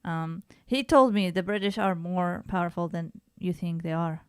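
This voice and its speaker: Woman, podcast co-host, casual chat, laughs and restarts a lot, smooth lowish voice. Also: fairly even intonation, moderate pace, dry recording, studio quality. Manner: chatty, laughing, frequent restarts.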